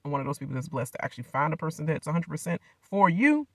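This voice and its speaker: A man's voice: on the high side, sing-song, fast, a bit bright, no room sound. A man giving a loose, rambling recap of a reality show in casual slang, laughing often.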